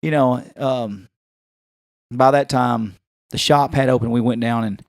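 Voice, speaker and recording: A man's voice: medium pitch, a little slow, dry recording, studio quality. A man with a Tennessee accent telling a story on a casual podcast, acting out the other people's voices as he goes. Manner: animated, acts out quoted voices. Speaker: podcast host.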